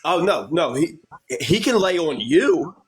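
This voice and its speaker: A man's voice: on the high side, big pitch swings, unhurried. A man chatting casually on a live stream, crude and sardonic, swearing often. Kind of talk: casual chat. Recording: faint background noise.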